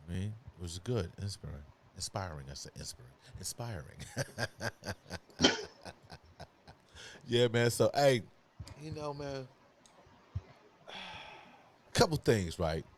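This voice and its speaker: A man's voice: lowish voice, a little hiss or hum. A man hosting a casual podcast, talking loosely with lots of slang and laughter. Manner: loose, laughing, rambling slang-filled talk.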